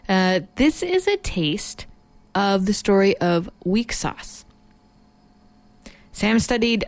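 A woman's voice: mid-range voice, no echo. A woman hosting a campus radio arts show, reading a guest introduction and asking playful, teasing questions. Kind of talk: reading an intro, then interviewing.

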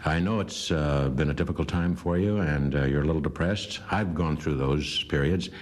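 A man in his fifties rambling through a comic cheer-up message, halting with mock earnestness. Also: a bass voice. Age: 50s. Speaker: comedian. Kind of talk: comic recorded greeting.

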